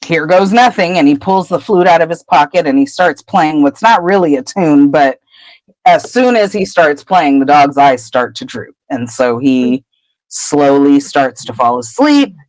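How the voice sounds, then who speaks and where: A woman co-hosting a podcast, retelling a book chapter in casual chat with lively storytelling. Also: low-pitched, unhurried, no echo, low-quality recording. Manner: animated storytelling. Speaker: podcast co-host.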